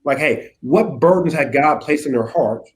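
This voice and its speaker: A man speaking as a youth pastor guest in a casual conversation, animated, acting out little quotes and often checking in with "right?". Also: on the high side, moderate pace. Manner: animated, acts out quotes, keeps asking "right?".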